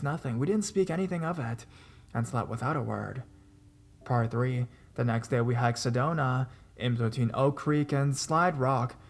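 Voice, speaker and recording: A man reading out first-person scary stories as a horror channel narrator, steady with tense rises. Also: mid-range voice. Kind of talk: scripted narration of reader stories.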